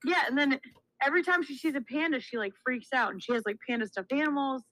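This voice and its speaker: Young woman in her 20s, podcast co-host, bright tone, dry close sound, animated storyteller. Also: high voice, quick pace, no echo, poor audio. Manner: animated storyteller acting out quotes. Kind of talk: casual chat.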